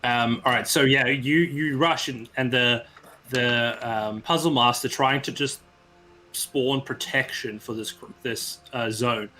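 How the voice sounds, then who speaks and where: A man's voice: medium pitch, fairly even intonation, takes it slowly, sharp tone. A man narrating scenes and calling for rolls as game master, encouraging the players. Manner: descriptive, encouraging, with fillers.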